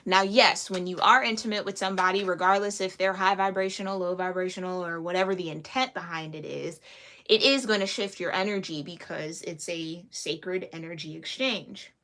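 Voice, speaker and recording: A woman's voice: fairly low pitch, fairly even intonation, normal speed, bright, forceful tone. A woman giving a casual, chatty tarot reading, slangy and laughing often. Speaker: tarot reader.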